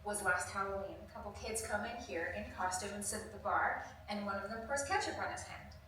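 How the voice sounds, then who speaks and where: An actress playing a chatty diner employee who tells animated stories about her coworkers. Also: mid-range voice, brisk, a little hiss or hum, natural voice. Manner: animated, storytelling, laughing easily. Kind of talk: audio drama acting. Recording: distant echoey room.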